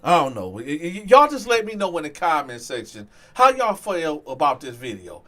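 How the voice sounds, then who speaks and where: A man hosting a storytime channel, talking straight to his viewers in an animated way, with frequent "y'all" and stammered restarts. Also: fairly high pitch, moderate pace. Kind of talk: casual storytime monologue.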